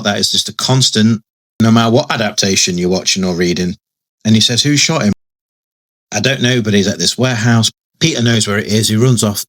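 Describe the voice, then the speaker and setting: A man's voice: on the low side, a bit bright. A man giving casual, chatty commentary while reviewing a comic book, often adding tag questions and restarting sentences.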